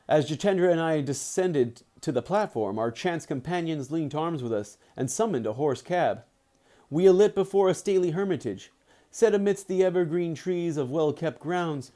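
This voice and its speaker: A man's voice: a little high, dark tone. A man streaming live, reading a book aloud with chatty, playful asides to his viewers.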